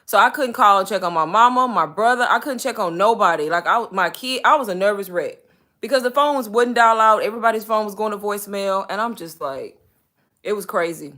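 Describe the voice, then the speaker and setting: A young woman hosting a live stream, telling stories in an animated, chatty way. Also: medium pitch, brisk. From Texas. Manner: animated storytelling with laughs. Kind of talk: casual chat.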